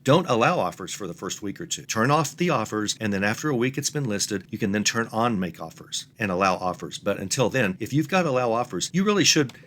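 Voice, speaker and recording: A man's voice: lowish voice, sing-song, brisk, few pauses, a bit bright, slight background noise. A middle-aged man, giving an earnest step-by-step lesson on reselling. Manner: plain, earnest, explains step by step. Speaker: online reselling instructor. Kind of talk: instructional talk to camera.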